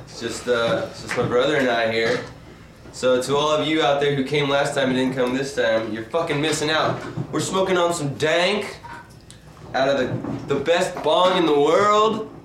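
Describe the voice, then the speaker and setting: A man's voice: mid-range voice, moderate pace, a bit bright. A man hosting a casual stoner chat at home, brash, profane and teasing. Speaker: host. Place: room at home near a water heater. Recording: roomy, distant mic, noisy.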